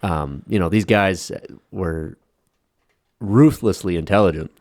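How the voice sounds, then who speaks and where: Deep-voiced man, swearing casual co-host. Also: slow, darkish tone, no room sound, clean studio sound. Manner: profane, talks at length. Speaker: podcast co-host. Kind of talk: casual chat.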